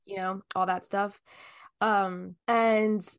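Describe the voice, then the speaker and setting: A woman's voice: medium pitch, slow pace, smooth. A woman co-hosting a podcast in casual chat, telling stories with big exclamations. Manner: animated storytelling with big exclamations. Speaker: podcast co-host.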